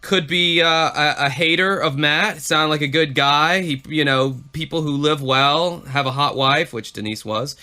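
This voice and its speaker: Bright-voiced man cursing through casual chat. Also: on the high side, measured pace, hardly any pauses. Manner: swears freely, animated. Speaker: podcast co-host.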